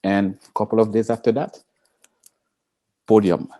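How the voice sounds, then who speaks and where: A man being interviewed as an Olympic sprinter, telling stories with lively energy, acting out quotes in a high excited voice and laughing. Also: moderate pace. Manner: expressive, jumps into high excited pitch, acts out quotes, laughs. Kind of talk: animated interview storytelling.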